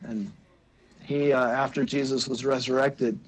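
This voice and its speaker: A man's voice: mid-range voice, fairly even intonation, a little slow, slightly rough, low-quality recording. A man on a casual livestream, retelling a religious story in a rambling, hesitant way. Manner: rambling, hesitant, many fillers and restarts.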